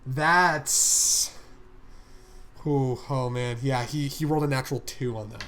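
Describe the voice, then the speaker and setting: A man's voice: medium pitch, slow, fairly bright tone. Casual swearing male game master. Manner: casual, rambling, swears often. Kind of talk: casual tabletop game narration.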